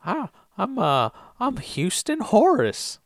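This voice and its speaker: A man voicing a friendly, eager Texan man with a put-on Southern drawl in a high, laughing tone. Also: wildly swooping pitch, slow pace, no room sound, studio quality, heavily acted. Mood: jokey.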